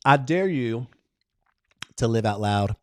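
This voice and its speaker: Slowly and expressively, a man with a darkish voice hosts a livestream with no echo. His motivational talk is emphatic, packed with repeated affirmations, big pitch swings and greetings to viewers by name.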